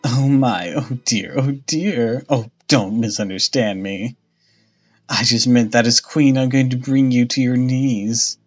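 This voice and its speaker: A man voicing a gentle, courtly young queen, reading game dialogue aloud with voices. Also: medium pitch, a little slow, highs cut off, faint music behind, lightly acted. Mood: flustered.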